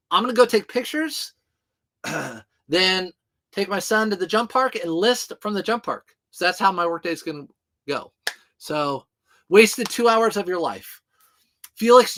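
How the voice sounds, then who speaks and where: A man's voice: high voice, a bit bright. A man in his thirties, a reseller chatting casually on a livestream while packing orders and answering viewer questions. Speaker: eBay reseller streaming to viewers.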